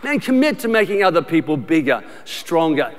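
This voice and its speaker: A man's voice: high-pitched, expressive, moderate pace. A middle-aged Australian man preaching a sermon as pastor, emphatic and repetitive, often restarting his sentences in a conversational way. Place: large church auditorium. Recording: long church hall reverb.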